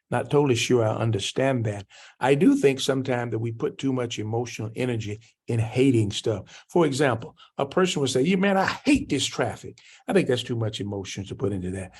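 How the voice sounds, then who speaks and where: Man preaching a church anger class. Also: darkish tone. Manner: preaching, acts out quoted speakers with rising pitch; answers written questions from the class.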